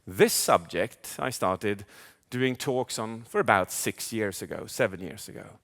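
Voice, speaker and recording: A man speaking as a communication coach in a live keynote, animated, asking the audience questions and acting out inner voices. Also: on the low side, a little slow. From Sweden. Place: large event hall. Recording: long hall reverb.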